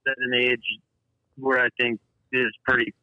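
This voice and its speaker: A man's voice: mid-range voice, level tone, dry recording. Man in his thirties, interview guest on a remote call; stutters, restarts words, muffled and dry line. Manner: stutters, halting with repeated words. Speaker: guest, pedal designer. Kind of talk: casual interview. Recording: dull dry call audio.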